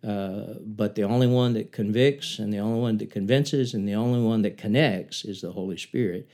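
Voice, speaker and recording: An older man with a warm, mellow voice, sharing memories of his ministry. He retells scripture as a lively story and builds up force at the dramatic turns. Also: moderate pace. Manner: earnest, rising in pitch and force as he retells the story. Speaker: former missionary preacher. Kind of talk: reflective talk and Bible storytelling.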